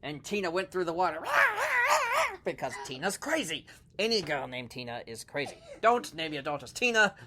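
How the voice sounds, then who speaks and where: A man's voice: sits high, wildly swooping pitch, normal speed, background noise. A man narrating a children's story in a playful manner and laughing often.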